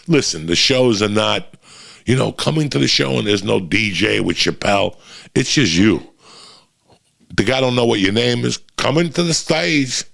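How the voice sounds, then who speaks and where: A middle-aged comedian tells his stories in a profane, animated rush. His voice sits low and carries a rough, gravelly grain. It sounds like a relaxed, casual conversation. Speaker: comedian guest. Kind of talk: storytelling chat.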